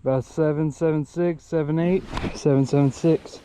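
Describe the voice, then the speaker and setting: A Texas man films himself bass fishing by a lake dam, breathless and exclaiming at a big catch, shaking with excitement and talking to the fish at a moderate pace. The lo-fi outdoor audio is dull with faint noise.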